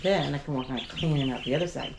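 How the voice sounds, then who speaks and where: Speaking quickly, a farm vlogger sets up a pen outdoors and dotes on her ducks and chicks in a casual, chatty video. She coos at the ducks in a high sing-song baby voice, with clucking and chirping birds clearly audible behind her.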